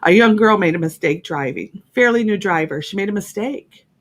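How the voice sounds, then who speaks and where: A woman's voice: medium pitch, lively intonation, moderate pace. Woman radio host, heartfelt motivational talk, emotional and emphatic delivery with lots of repetition. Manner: emotional, emphatic, repeats herself.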